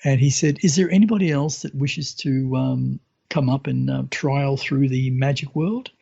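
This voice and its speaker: A man in casual talk, telling of a spiritual experience with many fillers and lively quoted voices. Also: mid-range voice, moderate pace, vocal fry, slightly rough, dull audio. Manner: animated retelling, hesitant with fillers, voices others in quotes. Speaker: guest sharing spiritual experiences. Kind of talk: casual storytelling.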